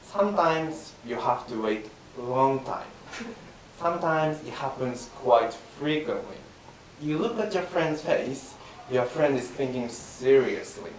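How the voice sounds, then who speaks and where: Man playing a calm yawning master, steady teacher voice, faint hiss, slow and highish. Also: close to an everyday voice. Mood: calm instructing. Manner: calm, instructive storytelling. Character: patient older male yawning teacher. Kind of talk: rakugo comic storytelling. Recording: roomy, distant mic, faint hiss.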